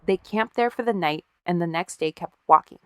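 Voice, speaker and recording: A woman's voice: fairly low pitch, normal speed, a bit bright, smooth, no echo, clean studio sound. A woman co-hosting a podcast, casually telling a story with wry, profane asides and acted-out quotes. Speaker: podcast co-host.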